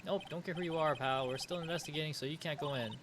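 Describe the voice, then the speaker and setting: A man voicing a gruff, bumbling male police detective who talks in a blustery way. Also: a little high, fast, background noise, lightly acted. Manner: blustery, says "pal" a lot. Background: game music.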